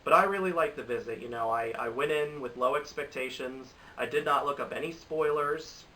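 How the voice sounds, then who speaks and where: Young man, bright voice, chatty movie reviewer, slightly distant mic, faint hiss. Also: mid-range voice, a little fast. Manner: rambling, opinionated, with frequent restarts. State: has a cold. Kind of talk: casual opinion vlog.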